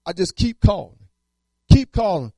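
A man's voice: sits high, very animated, normal speed, mellow, dry recording. A man preaching a sermon in repetitive, rhythmic phrases and casual everyday speech.

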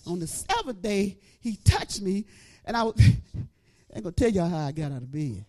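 A middle-aged woman preacher giving an animated testimony, breaking into praise and shouting at the peaks. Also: fairly low pitch, normal speed. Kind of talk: testimony sermon.

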